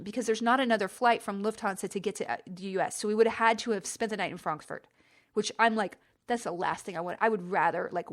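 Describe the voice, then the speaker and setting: A middle-aged woman hosting a podcast, telling a travel story in a chatty, exasperated way and jumping up in pitch for emphasis. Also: a bit bright. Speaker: podcast host. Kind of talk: casual storytelling monologue.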